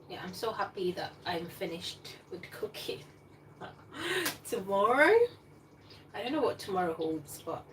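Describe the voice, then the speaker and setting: A woman hosting a casual cooking live stream from her home kitchen, chatty and excitable, rambling as she goes. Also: medium pitch. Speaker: cooking livestream host. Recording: distant mic with clear room noise.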